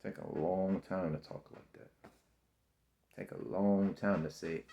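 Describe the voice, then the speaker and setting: A man in his fifties giving a slow, repetitive, preachy spiritual monologue about self-belief, often calling the listener baby. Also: low voice, steady tone, vocal fry, warm tone, highs cut off.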